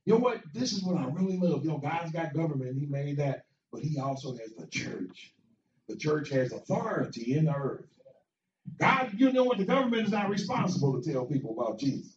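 A male pastor preaching a sermon and inviting people to join the church, repeating phrases and building to shouts. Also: fairly high pitch, expressive, fairly quick. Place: church sanctuary. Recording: echoey church sound, distant mic, dull.

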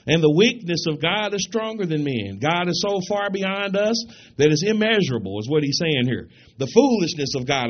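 A man with a fairly high voice preaching a sermon in a church. He is emphatic, fires rhetorical questions at the congregation and slows down when reading scripture aloud. The recording sounds dull and lo-fi.

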